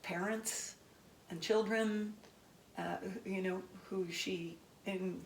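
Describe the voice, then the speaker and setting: A woman hosting an interview, speaking gently and reflectively. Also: medium pitch, fairly even intonation, slow. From Canada. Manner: gentle, reflective, soft-spoken. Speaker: host. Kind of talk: interview conversation. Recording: echoey room from far off, faint noise.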